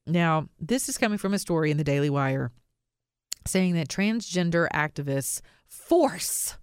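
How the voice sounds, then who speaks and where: Woman podcast host, deep low voice, blunt and sarcastic, hammers on single words, dry close sound. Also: dry recording. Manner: emphatic, stresses single words slowly for effect. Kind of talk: opinionated commentary monologue.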